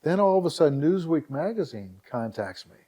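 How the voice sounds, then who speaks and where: A man's voice: a little high, a little fast. A middle-aged man from Northeast Ohio, a podcast guest in a casual interview, telling a story with animation and acting out what other people said. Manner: animated anecdote teller who acts out dialogue and keeps repeating "all of a sudden". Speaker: podcast guest, website founder.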